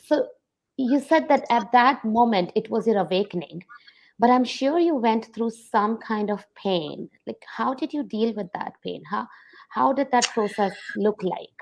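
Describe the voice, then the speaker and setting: A woman's voice: a little high, lively intonation, unhurried, creaky, lo-fi sound. A woman hosting an interview podcast, responding to her guest in an empathetic and affirming way. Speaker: podcast host. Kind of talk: interview conversation.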